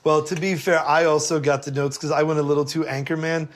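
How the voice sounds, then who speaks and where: A man talks in a somewhat raised register. He tells stories with lots of animation and frequent laughter. He is a guest in a relaxed podcast chat set in a kitchen. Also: fairly high pitch, quick pace. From Brooklyn, New York. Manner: animated storyteller, laughs often.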